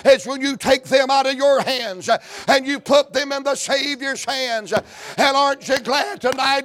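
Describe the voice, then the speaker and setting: A man with a Southern US accent preaching a fervent revival sermon in a church, moving from hushed talk to shouts. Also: very high-pitched, unhurried, no echo.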